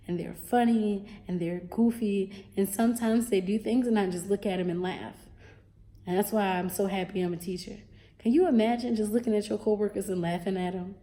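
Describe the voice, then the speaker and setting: A young woman with a Baltimore accent, telling stories from her teaching job in a lively, sassy, casual vlog. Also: medium pitch. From Baltimore, USA. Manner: animated, sassy, drops into dialect with asides like "baby" and "honey". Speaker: teacher vlogger.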